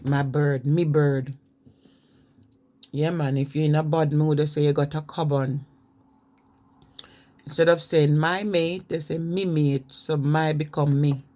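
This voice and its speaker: A woman's deep, darkish voice carries a steady tone at a measured pace as she vlogs a casual explainer on accents. She spells words out letter by letter and drops into imitations of how people pronounce things in various regions.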